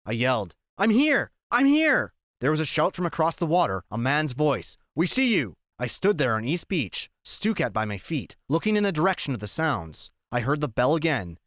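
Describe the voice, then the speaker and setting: Male narrator for a novel audiobook; animated delivery, dry studio sound. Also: medium pitch, fairly quick, few pauses, no echo. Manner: expressive reading, acting out shouted lines.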